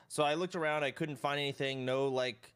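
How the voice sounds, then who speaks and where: A man live streaming, telling his chat a rambling, profane story in a casual, animated way. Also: a little high, brisk, clear, resonant tone.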